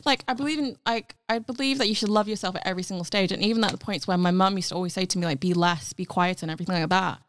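A young woman, a guest on a casual talk show, telling stories with lively acted-out dialogue. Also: medium pitch, rapid-fire, hardly any pauses, slight background noise. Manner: animated storyteller, acts out quoted dialogue. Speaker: guest, actor. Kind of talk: casual podcast conversation.

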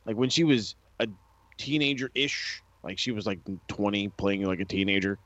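A man's voice: fairly low pitch, normal speed, dry recording, lo-fi sound. A man co-hosting a wrestling podcast in casual chat, ranting with lots of swearing. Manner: profane, animated ranting.

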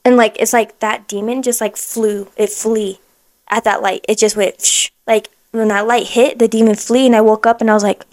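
A woman hosting a podcast tells her personal faith testimony in an emotional way, full of "like" fillers, sometimes dropping to a hushed whisper. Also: a little high, little pitch movement, normal speed, no room sound. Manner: emotional, heavy use of "like" fillers; drops to a hushed whisper in moments of prayer. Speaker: podcast host.

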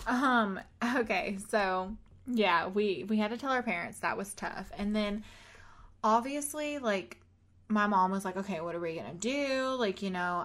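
Animated young woman telling a story. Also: medium pitch. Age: 20s. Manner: animated storyteller, laughs often, acts out quotes. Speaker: podcast host. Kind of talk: casual chat.

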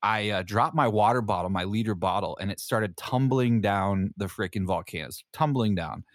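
Low-voiced man telling casual stories. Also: normal speed, no room sound, studio quality. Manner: rambling, with many fillers, swearing and laughter. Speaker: podcast host; Navy veteran. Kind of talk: casual storytelling chat.

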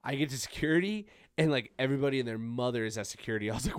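A man's voice: medium pitch, very fast, few pauses, dry recording, studio quality. A young man hosting a podcast, telling a story in casual chat with lots of swearing. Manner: profane, animated storytelling. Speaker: podcast host.

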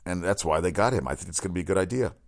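Podcast host, male, lowish voice, rambling and excitable, swears freely, keeps correcting himself. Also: rapid-fire. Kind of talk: solo sports podcast rant.

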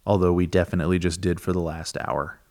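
A man's voice: low voice, quick pace, no echo, clean studio sound. A man co-hosting a podcast, chatting casually and joking with his co-hosts. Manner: relaxed, jokey banter. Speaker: podcast co-host. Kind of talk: casual chat.

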